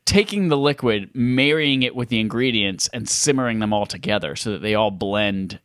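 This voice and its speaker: A podcast co-host in casual chat, an animated, mock-dramatic storyteller talking from home over a video call. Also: medium pitch, normal speed, clear, resonant tone, dry recording, studio quality.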